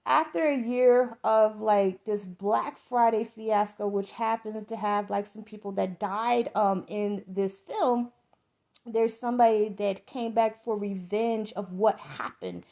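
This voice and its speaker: A woman's voice: medium pitch, steady tone, takes it slowly, a little mellow. A middle-aged woman from the American South with a Southern accent, giving a rambling, profane, enthusiastic movie review as a podcast host.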